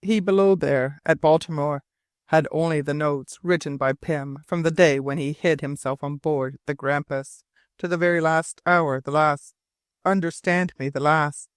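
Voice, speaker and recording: A man reading the part of a rough frontier sailor who speaks in broken, repetitive, emphatic phrases. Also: fairly high pitch, fairly even intonation, normal speed, no room sound, clean studio sound, natural voice. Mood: fervent. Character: rough, halting old frontier sailor, insistent.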